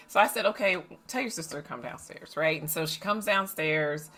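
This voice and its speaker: A middle-aged woman coach telling a family story in a lively, animated way, acting out the voices of the people in it. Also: fairly low pitch, quick pace, hardly any pauses. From United States. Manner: animated, acts out family dialogue. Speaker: coach and facilitator. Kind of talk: storytelling podcast monologue.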